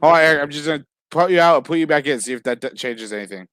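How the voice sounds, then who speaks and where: A man's voice: fairly high pitch, lively intonation, very fast, a bit bright, clear, resonant tone, no room sound. A man hosting a casual comics livestream, talking loosely while juggling guests and the chat. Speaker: livestream host.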